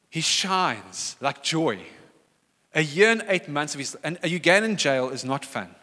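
A man's voice: fairly high pitch, big pitch swings, measured pace, pushed and bright. A middle-aged male pastor preaching a sermon, emphatic and repeating key phrases for weight. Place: church hall. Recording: church hall reverb.

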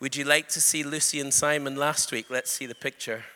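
A man preaching a sermon, telling an animated story and joking with his congregation. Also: medium pitch, a little fast, slight background noise. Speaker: pastor. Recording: echoey hall reverb.

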